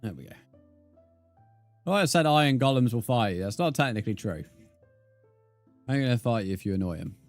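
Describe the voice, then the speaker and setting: Fairly quick but pausing often, a young British man with a medium-pitched voice talks through a live gaming stream as soft music plays. He's easygoing, reads the chat aloud, answers viewers, and uses "mate."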